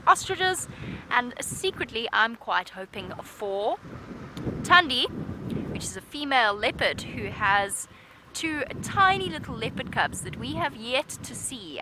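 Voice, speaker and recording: A woman's voice: a little high, pushed and bright, slight background noise. Upbeat woman guiding a live safari. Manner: chatty, upbeat and playful. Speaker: safari guide and presenter. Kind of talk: live safari commentary from a moving vehicle. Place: open safari vehicle outdoors.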